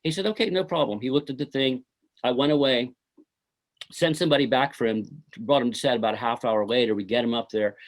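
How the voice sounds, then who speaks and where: A man's voice: medium pitch, steady tone, a little fast. A middle-aged man, a filmmaker being interviewed, telling stories from his film shoot in a rambling way full of "you know" and "uh". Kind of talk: casual interview storytelling.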